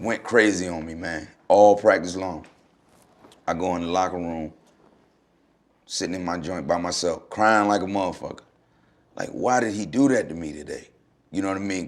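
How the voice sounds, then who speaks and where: Man, low voice, laid-back slangy storyteller, podcast guest chat. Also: normal speed, pauses often. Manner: laid-back storytelling, loose slangy speech, animated when retelling. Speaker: guest, former basketball player.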